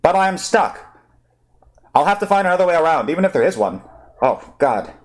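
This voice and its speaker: A man's voice: on the high side, very animated, a little fast, pitched above the performer's own voice. A man voicing a prim female protocol droid who is polite, formal and whiny. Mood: plaintive.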